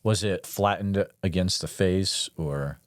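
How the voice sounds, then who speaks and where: Low-voiced methodical podcast interviewer. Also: male voice, slow pace, no room sound, studio quality. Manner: methodical, detailed questions, soft acknowledgements. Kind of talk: calm interview questioning.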